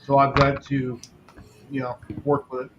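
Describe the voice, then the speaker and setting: A man's voice: medium pitch, completely flat delivery, moderate pace, lo-fi sound, noisy background. A man hosting a casual podcast chat, explaining technical gear in a matter-of-fact way. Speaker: podcast host.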